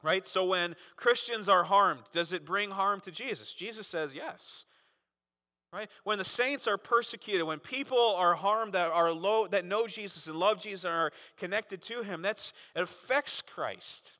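A man preaching a sermon as pastor, animated and full of rhetorical questions. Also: sits high, measured pace. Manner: animated, frequent rhetorical "right?" asides. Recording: long reverb of a large hall.

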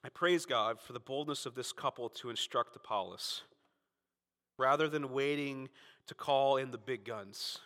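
A man from Florida preaching a Sunday sermon as pastor, emphatic and fervent, swinging between loud peaks and quiet asides. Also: a little slow, big-room sound. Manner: emphatic, rising to fervent peaks then dropping low.

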